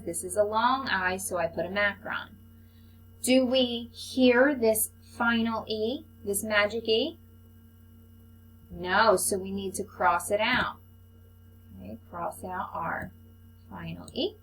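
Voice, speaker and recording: A woman teacher giving a slow, patient phonics lesson to young children, speaking into a computer microphone. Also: mid-range voice, steady tone, a bit bright, a little hiss or hum, rough recording. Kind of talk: recorded online phonics lesson.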